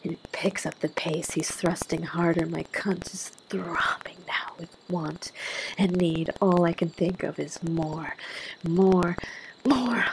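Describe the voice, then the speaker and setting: A woman narrating in the first person with a breathy, intimate whisper in a whispered role-play. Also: lowish voice, background noise.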